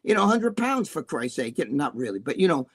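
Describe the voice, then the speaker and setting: A man's voice: a little high, big pitch swings, fairly quick, breathy edge. A middle-aged man co-hosting a casual live-stream chat, rambling through profane stories. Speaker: co-host.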